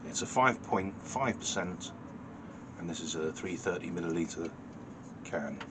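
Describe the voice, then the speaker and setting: A man from the United Kingdom reviewing a beer in a casual vlog, talking in a dry, understated way with many pauses and fillers. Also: deep voice, expressive, noisy background.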